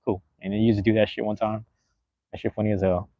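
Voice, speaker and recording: A man's voice: lowish voice, flat delivery, fast, mellow, no room sound. Young man, from the US West Coast, live-stream host, rambling casual talk, street slang, dry dull lo-fi sound. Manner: laid-back, rambling, street slang and cursing.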